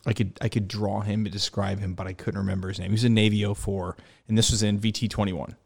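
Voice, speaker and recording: Animated man telling a flight story. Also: on the low side, fast, gravelly. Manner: animated, acts out quoted dialogue, laughs often. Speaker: podcast host, former carrier pilot. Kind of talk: casual storytelling chat.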